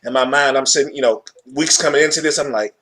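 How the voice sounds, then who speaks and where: A man's voice: medium pitch, quick pace, a bit bright. Rambling man in a film chat. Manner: rambling, many fillers like "you know". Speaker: podcast co-host. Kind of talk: casual film review chat.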